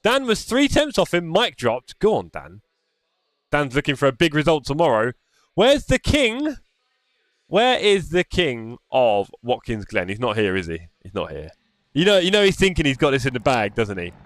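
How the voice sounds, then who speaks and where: Streamer host: man, lively teasing patter, dry close mic. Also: mid-range voice, a little fast, no echo. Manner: chatty, teasing, reads chat aloud. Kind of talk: casual live-stream chat.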